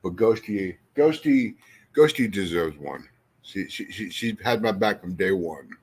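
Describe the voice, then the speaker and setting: A man rambles through a casual livestream chat, swearing freely and addressing his viewers directly. His pitch jumps around a lot, and he takes his time. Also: a little slow, slightly rough. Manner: rambling, profane and animated, talking to chat.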